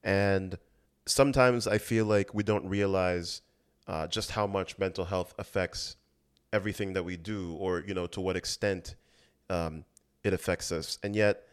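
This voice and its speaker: A man's voice: deep voice, smooth. A man hosting his own podcast, talking earnestly and casually with lots of "you know" fillers. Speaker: podcast host. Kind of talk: casual solo podcast talk.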